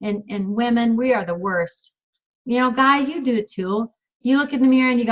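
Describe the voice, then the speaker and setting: A woman's voice: on the high side, normal speed, dull audio. A woman in her fifties giving an emphatic motivational coaching talk on a video call, repeating phrases and laughing often. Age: 50s.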